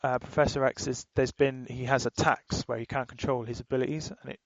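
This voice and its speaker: A man's voice: medium pitch, level tone, a little fast, gravelly, dry recording, lo-fi sound. A man co-hosting a podcast, rambling in casual chat, swearing freely and laughing as he retells things. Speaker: podcast co-host.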